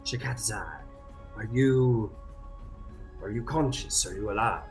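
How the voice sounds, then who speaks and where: A man doing a calm, low-voiced githzerai monk. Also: faint music behind. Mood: calm, formal. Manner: slow, formal, plain phrasing.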